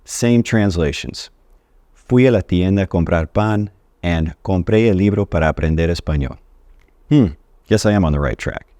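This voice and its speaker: A man with a low voice gives a casual video lesson on Spanish grammar and talks straight to his viewers in a friendly, chatty way. The sound is dry and close, with no room in it. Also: moderate pace, warm tone, no echo. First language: English. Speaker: Spanish teacher.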